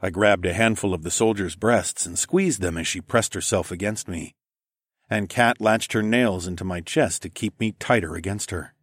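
A man with a fairly low voice narrates a first-person adult audio story in a soft, murmured, low-key way. The recording is close and dry, with no room around his voice. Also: moderate pace, slightly rough, no room sound.

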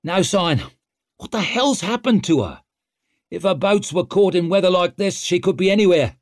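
A man voicing a cocky young male lord and commander, snapping his lines out loud and forceful. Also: high-pitched, lively intonation, normal speed, dry recording, clean studio sound, pitched above the performer's own voice. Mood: urgent, bold.

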